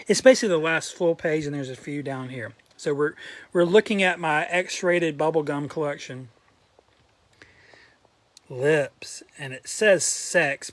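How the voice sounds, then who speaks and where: A man's voice: on the high side, dry recording. A man in a casual show-and-tell vlog, rambling through his collection with crude jokes and asides, his throat a little dry. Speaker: collector vlogger.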